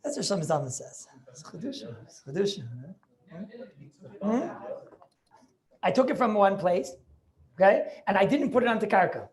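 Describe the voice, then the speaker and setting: A man's voice: high-pitched, very animated, normal speed, pauses often. A man making a Talmudic argument in an online Torah class over a video call. He talks eagerly, restarts his sentences and keeps checking with "right?".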